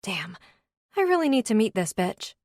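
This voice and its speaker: A woman's voice: medium pitch, big pitch swings, normal speed, creaky, a little mellow, no room sound, clean studio sound, pitched above the performer's own voice. A woman narrator voicing a frank, curious young woman in an audiobook.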